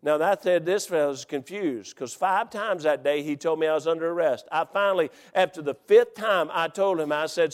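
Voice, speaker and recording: A middle-aged man preaching a sermon in a church, fervently repeating lines and rising to shouts. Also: a little high, normal speed, few pauses. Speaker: pastor. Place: church sanctuary. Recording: long hall reverb.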